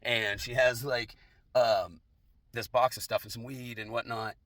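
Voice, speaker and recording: A man's voice: mid-range voice, fairly even intonation, a little slow, fairly bright tone, no echo. A young man telling a casual, profane personal anecdote in a laid-back way, laughing along. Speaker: storyteller.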